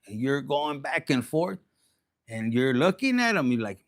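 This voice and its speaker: Animated, gravelly-voiced man. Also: mid-range voice, measured pace. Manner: animated, profane, switches into Spanish slang. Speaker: tarot reader. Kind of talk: casual livestream tarot reading.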